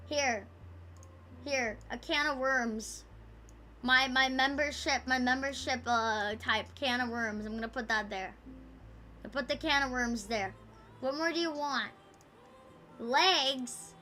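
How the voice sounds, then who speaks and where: A woman livestreamer with a high voice chats casually with her viewers. Her tone is bright and edgy, and she rambles, swears and teases the chat. Faint music plays in the background. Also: measured pace. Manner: rambling, profane and playful, teasing the chat.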